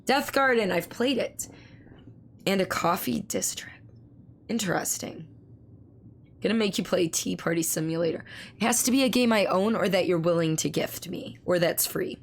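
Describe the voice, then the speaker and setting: Hoarse, gravelly woman streamer. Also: fairly low pitch, slight background noise. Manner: speaks slowly and carefully to spare her voice; reads viewer messages aloud and answers them. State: hoarse from laryngitis. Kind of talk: casual live-stream chat.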